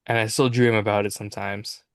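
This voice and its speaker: A man from Minnesota hosting a podcast, telling stories in an animated, chatty way and acting out what friends said. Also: fairly low pitch, brisk, smooth, no room sound. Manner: animated storyteller who acts out quoted friends. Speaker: podcast host. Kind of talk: casual chat.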